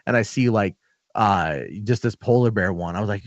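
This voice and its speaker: A man's voice: fairly low pitch, normal speed, no room sound, lo-fi sound. A man, a guest on a podcast, chatting casually and telling rambling, profane anecdotes.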